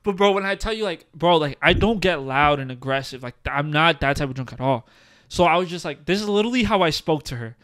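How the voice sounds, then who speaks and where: A young man with a smooth, clear voice, chatting as a podcast co-host. He tells his stories in an animated, rambling way, leaning on filler words, and his voice sits a bit above the usual for a man. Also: a little high, fast. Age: young adult. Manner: animated storytelling, heavy use of "like" and "bro". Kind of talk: casual chat. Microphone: studio podcast mic, seated.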